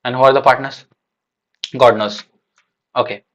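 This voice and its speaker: A man's voice: mid-range voice, steady tone, normal speed, fairly bright tone, lo-fi sound. A man streaming a live reaction, thinking aloud in a casual, hesitant way with lots of fillers and restarts. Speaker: streamer reacting to a manga chapter.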